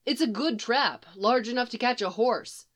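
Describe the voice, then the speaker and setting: A woman narrating a story in a wry, measured way. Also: fairly high pitch. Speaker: reader.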